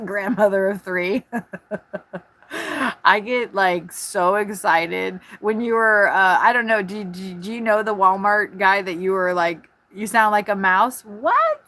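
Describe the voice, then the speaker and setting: A woman live-streaming from inside her RV on a phone propped on a tripod, chatting quickly and jumping from one thing to the next. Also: medium pitch, no room sound. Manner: fast, scattered, excitable chatter. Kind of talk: casual live-stream chat. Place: inside an RV at a campground.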